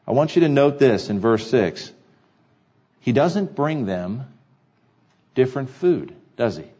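A man's voice: medium pitch, mellow, husky, dull audio. A man preaching a sermon to his congregation, earnest and repeating key phrases for emphasis. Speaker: pastor. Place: church sanctuary.

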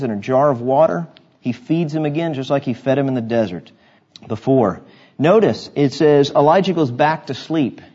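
A man's voice: medium pitch, darkish tone. Emphatic preaching man, muffled recording. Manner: emphatic, conversational preaching with asides to the congregation. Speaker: pastor. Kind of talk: sermon.

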